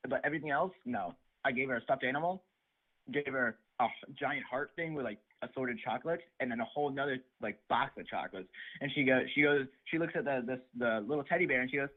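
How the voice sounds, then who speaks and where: A man's voice: mid-range voice, fast. Teen boy, phone caller, tinny line, hesitant, rambling, lots of fillers. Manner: hesitant, filler-heavy retelling.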